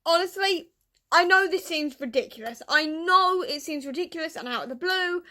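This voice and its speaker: High-pitched woman gushing through tears. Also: normal speed. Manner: gushing, tearful and excited; chatty with many fillers. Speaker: book vlogger. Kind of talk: casual vlog chat.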